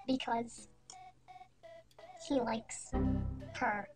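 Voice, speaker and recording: Quiet woman narrator, high and unhurried, deadpan mock-serious storytelling over faint music. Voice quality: quiet, soft-spoken. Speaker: storytime animator.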